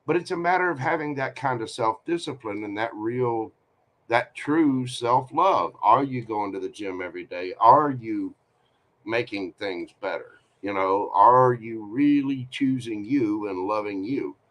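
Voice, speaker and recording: A man's voice: lowish voice, a little slow, a bit bright. Joking man reading tarot live. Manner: joking, candid, rambling advice. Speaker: tarot reader host. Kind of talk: live-stream reading chat.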